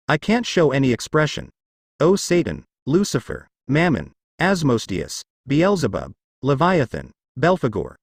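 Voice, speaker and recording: A man's voice: mid-range voice, huge pitch swings, measured pace, creaky, slightly rough, dry recording, studio quality. A man's synthetic voice reading a fanfic aloud, pronouncing punctuation and spelled-out letters literally. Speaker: narrator. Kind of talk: text-to-speech fanfic reading.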